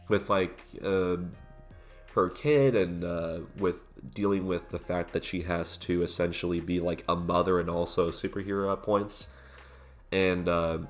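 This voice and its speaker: A man giving a casual, rambling movie review, full of "like" and "uh" fillers and the odd swear word. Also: sits low.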